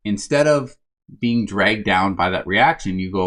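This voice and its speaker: A man's voice: on the low side, lively intonation, unhurried, fairly bright tone. A man giving a motivational self-help talk as a coach for first responders, speaking conversationally, checking in with "right?" and calling his listeners "my friends".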